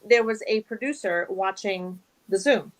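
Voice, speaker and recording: A young actress appearing as a guest in a casual interview tells stories animatedly, acting out quoted dialogue and laughing often. Her voice is mid-range and a little slow, and the recording quality is low.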